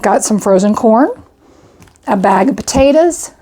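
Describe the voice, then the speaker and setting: A homestead vlogger in her later years happily itemizes her grocery haul, a bit out of breath and peppering it with "I got" and "went ahead." Her warm, slightly high voice moves with lively intonation at a slightly slow pace.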